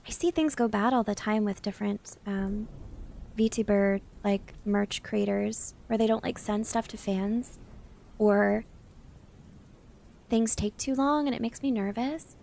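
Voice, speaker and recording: A woman's voice: mid-range voice, steady tone, a little slow, gravelly, mellow, slight background noise. A young woman from the South, chatting casually with her live-stream chat as a VTuber and reading out messages as she answers them. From Southern United States.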